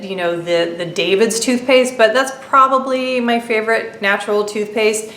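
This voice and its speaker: A woman chatting through a casual product review vlog at home, talking quickly with many fillers and asides. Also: medium pitch, a bit bright, reverberant, a little hiss or hum. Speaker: beauty vlogger.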